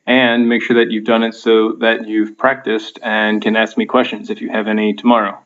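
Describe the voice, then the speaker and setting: A man's voice: fairly low pitch, little pitch movement, normal speed, fairly bright tone, lo-fi sound. A male teacher giving a recorded video lesson, explaining step by step with frequent ums and uhs.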